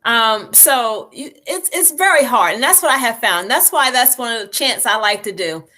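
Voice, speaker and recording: A woman hosting a livestream, guiding listeners through meditation with calm, unhurried instructions and easy laughter. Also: a little high. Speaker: meditation host.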